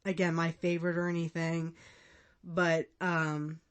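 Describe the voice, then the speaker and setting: A woman's voice: on the low side, flat delivery, a little slow. A woman in her thirties hosting a casual podcast, chatting with lots of fillers and frequent laughs. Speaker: podcast host. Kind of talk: casual commentary.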